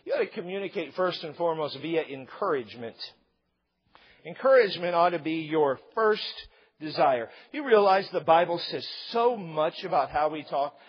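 Husky, high-voiced preaching man. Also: normal speed. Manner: animated preaching with jokes and acted-out quotes. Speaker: pastor. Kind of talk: sermon. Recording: slightly dull lo-fi sound.

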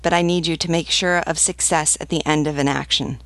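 A woman reading the part of a calm, decisive male commander in an audiobook reading. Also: low voice, no echo. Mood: measured. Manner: measured, decisive.

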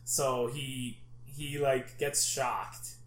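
A man chatting casually, retelling a comic story in a rambling, excitable way with lots of fillers and swearing. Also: medium pitch, extremely slow. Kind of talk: casual chat. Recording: echoey room with faint background noise.

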